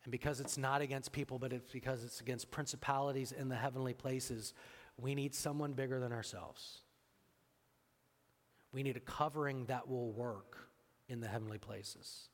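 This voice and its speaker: Pastor telling a story in a reverberant church hall. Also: male voice, mid-range voice, fairly even intonation, normal speed. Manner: storytelling, acting out both sides of a dialogue. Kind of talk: sermon.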